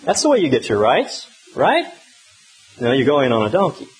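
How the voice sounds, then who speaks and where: A man's voice: medium pitch, moderate pace, poor audio. Man preaching a conversational, humorous sermon. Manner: conversational, humorous storytelling with lively emphasis. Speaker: pastor.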